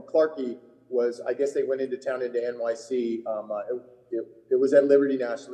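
A man's voice: mid-range voice, warm tone, long reverb tail, rough recording. A man who works as a tour caddie, co-hosting a golf podcast and telling long rambling anecdotes in casual chat. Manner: rambling anecdotes with laughs and profanity.

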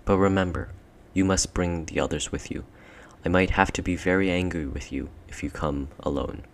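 A man's voice: low voice, moderate pace. A man reading an audiobook, voicing a regal queen who coaxes and commands. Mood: coaxing. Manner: sweet-talking, persuasive, commanding. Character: cold, coaxing queen, tall and regal. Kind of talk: audiobook character voice.

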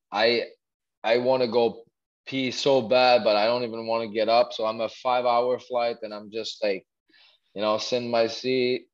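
Man telling stories haltingly. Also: mid-range voice, muffled recording. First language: French. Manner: halting, many restarts and fillers. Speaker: guest, former athlete. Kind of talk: casual storytelling interview.

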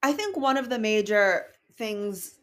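A woman's voice: medium pitch, animated, unhurried, a bit bright. A woman co-hosting a book discussion podcast, talking casually and analytically and reading passages aloud in a wry tone. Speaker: podcast co-host.

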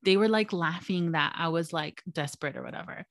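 A young woman co-hosts a casual podcast, telling stories with lively acted-out quotes and plenty of swearing. Her voice sits a little low for a woman. The sound is dry and close. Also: brisk, no room sound. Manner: animated, acts out quotes, swears freely. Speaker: podcast co-host. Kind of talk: casual storytelling chat.

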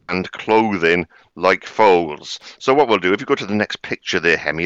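Deep, bright-toned man, crude storyteller. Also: clean tone, no room sound, lo-fi sound. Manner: crude, rambling, filler-heavy. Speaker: podcast host. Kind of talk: casual comedic storytelling.

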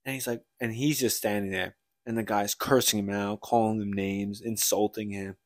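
A man's voice: fairly low pitch, steady tone, moderate pace, no echo, studio quality. A man co-hosting a casual book podcast, rambling through a story retelling with lots of "like" and restarts. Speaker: podcast co-host.

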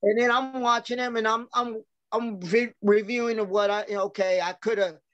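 A man's voice: high voice, fairly even intonation, a little fast, fairly bright tone, no echo. Brief: male wrestler, rambling anecdotal storyteller, salty language, dry, muffled podcast sound. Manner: rambling anecdotes, acts out quoted dialogue, swears freely. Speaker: professional wrestler.

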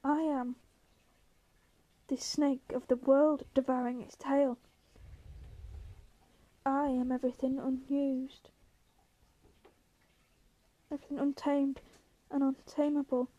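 A woman voicing an ancient, towering male tree monster that makes slow, booming proclamations. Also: level tone, dark tone, no echo, lo-fi sound. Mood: roaring.

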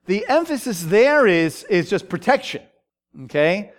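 High, slow, halting male Bible teacher. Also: big pitch swings. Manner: halting, many fillers, checks in with "okay?". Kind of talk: Bible study lecture.

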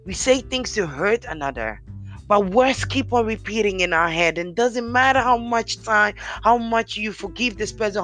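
A podcast host with a deep, commanding voice, giving an earnest, encouraging motivational talk straight to listeners. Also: fairly bright tone.

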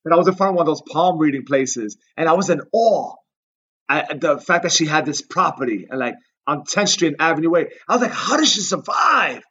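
A man's voice: fairly high pitch, fast, husky, highs cut off. A man, a podcast guest, telling comedic stories in a casual, profane way and acting out the people in them. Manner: animated, profane, acts out the people in his stories.

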